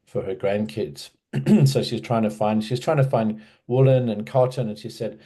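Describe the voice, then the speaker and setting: A man's voice: lowish voice, moderate pace, warm tone, breathy edge. A man in his sixties from Australia, a guest in an interview who reminisces in a meandering, restarting way. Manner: meandering storyteller, many restarts and asides.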